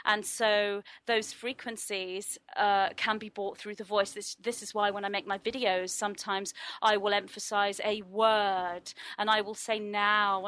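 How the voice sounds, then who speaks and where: A woman speaking as a spiritual interview guest, explaining in an earnest, flowing way with a deliberately trained, resonant voice. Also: medium pitch, fairly bright tone.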